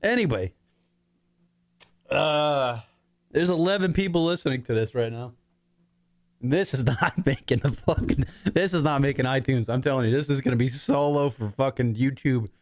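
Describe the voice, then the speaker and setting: A man's voice: mid-range voice, normal speed. A middle-aged man hosts a talk show, rambling with heavy swearing. His voice cracks with emotion as he speaks. The sound is dry and close, with no room echo. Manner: rambling, profane, choked up. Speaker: podcast host. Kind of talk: emotional casual monologue.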